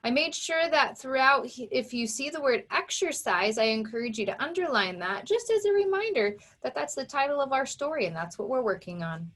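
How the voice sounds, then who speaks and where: A woman's voice: high-pitched, expressive, a bit bright. Patient woman teacher sounding out words. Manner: clear, patient, sounds out letters and syllables slowly. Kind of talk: reading lesson for young children.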